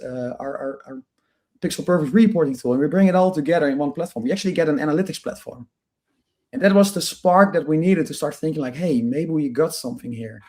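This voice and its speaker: A man with a cold, a bit hoarse, answering as a guest on a video call and often restarting his sentences. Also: fairly high pitch, a little mellow. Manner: restarts, repeats words. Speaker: guest, company founder. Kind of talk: casual interview talk.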